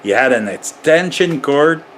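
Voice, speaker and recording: A man's voice: fairly high pitch, lively intonation, unhurried, a bit bright, slight background noise. A man who works as an electrician, rambling and chuckling often as he explains heater safety in a casual how-to vlog. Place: garage.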